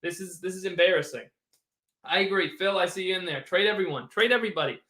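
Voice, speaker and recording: A man's voice: high voice, quick pace, bright, forceful tone. A man hosting a postgame sports livestream, reading viewers' chat and ranting in an exasperated, sarcastic way. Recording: roomy echo.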